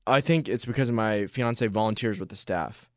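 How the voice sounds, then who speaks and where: A young man co-hosting a casual chat show, rambling playfully and building into loud hype. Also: fairly low pitch, moderate pace, no room sound, studio quality. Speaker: co-host.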